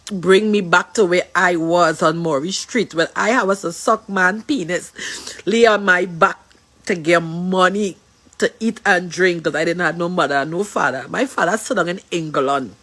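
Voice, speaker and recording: A woman's voice: fairly low pitch, fairly bright tone, no room sound. A Trinidadian woman with a Trinidadian accent hosting a live stream, speaking in an impassioned, tearful and accusing way. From Trinidad and Tobago. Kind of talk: emotional live-stream talk.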